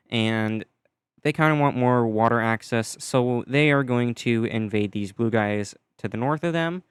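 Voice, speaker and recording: A man giving casual, offhand voice-over narration, chatty and loose with frequent fillers and deadpan asides. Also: mid-range voice, clean tone, no echo. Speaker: map video creator narrating.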